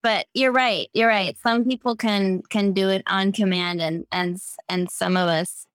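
A woman as a podcast guest in casual chat, explaining things slowly and thoughtfully. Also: medium pitch, steady tone, clean tone, no room sound.

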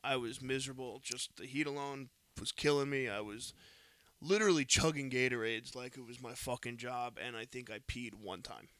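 A man spins a heated story in a casual podcast chat, swearing freely and getting louder as he goes. His voice sits at an ordinary pitch, heard close and dry with no room around it. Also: moderate pace, clean tone, dry recording. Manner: animated, profane, heated retelling.

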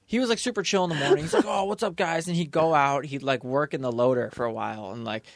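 A man's voice: medium pitch, fast, creaky, dry recording, studio quality. A young man telling a construction story in casual chat, swearing freely and acting out what people said. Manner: profane, animated, acts out quotes.

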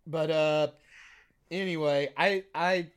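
A man's voice: fairly high pitch, fairly even intonation, slow, clear, resonant tone. Easygoing young male podcast co-host. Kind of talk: casual chat.

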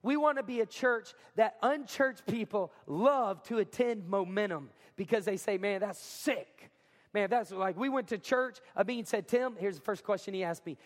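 A man preaching as a pastor, talking in an energetic, emphatic way and repeating lines for effect. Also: high voice, normal speed, hardly any pauses, long reverb tail. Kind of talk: sermon. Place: school cafeteria or gym used as a church.

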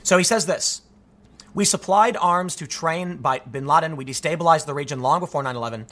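A man's voice: on the high side, brisk, fairly bright tone. A man giving political commentary, reading news aloud and reacting emphatically with disbelief.

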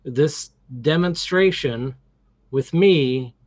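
A man's voice: on the high side, extremely slow, no room sound. A man from Michigan, a guest on a podcast, casually telling a story and acting out the people in it. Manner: chatty, acts out quoted people in his anecdotes. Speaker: podcast guest, UFO experiencer.

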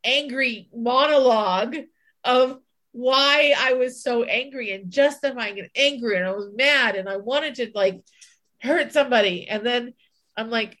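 A woman's voice: a little high, a little slow, fairly bright tone. Candid woman telling a story on a podcast. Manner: candid storytelling, swears, acts out her own inner voice. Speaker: podcast co-host. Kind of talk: casual chat.

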